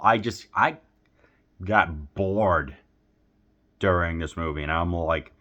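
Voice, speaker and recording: A man's voice: low voice, slow, pauses often, a bit bright. A man casually reviewing a film, rambling and hesitant with many fillers and restarts, sounding befuddled and exasperated.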